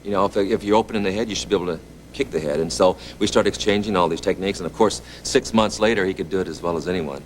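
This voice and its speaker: A middle-aged man, a talk show guest, telling a long anecdote in a relaxed, chuckling way. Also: low-pitched, very fast, hardly any pauses, rough recording. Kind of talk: anecdotal storytelling. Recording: TV studio with audience noise.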